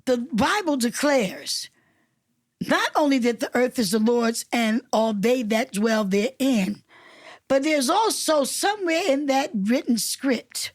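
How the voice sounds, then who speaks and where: A woman's voice: high voice, lively intonation, slow pace, dry recording, clean studio sound. A woman from Newark, New Jersey, a councilwoman and reverend, talking emphatically in an interview and repeating phrases the way a preacher does. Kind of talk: conversational interview.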